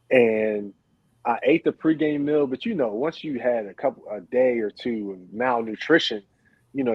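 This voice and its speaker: A man's voice: medium pitch, husky, dry recording, lo-fi sound. A man, a former basketball player, telling stories as a podcast guest and laughing often as he talks. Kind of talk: casual storytelling.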